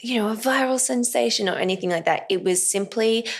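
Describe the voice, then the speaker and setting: A woman's voice: on the high side, brisk. A woman, an actress and comedian, chatting casually as an interview guest and acting out voices in her stories. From Australia. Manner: animated, acts out voices when telling stories.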